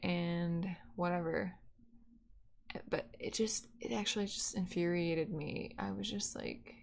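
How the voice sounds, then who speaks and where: Young woman streamer with a creaky, gravelly voice, rambling and profane, casual live storytelling. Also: lowish voice, fairly even intonation, slow. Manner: profane, rambling, filler-heavy.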